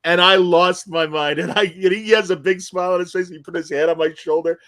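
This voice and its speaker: A man hosting an interview podcast, telling stories in an animated, emotional, casual way. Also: sits high, a little fast. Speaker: podcast host interviewing comic creators. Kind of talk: casual chat.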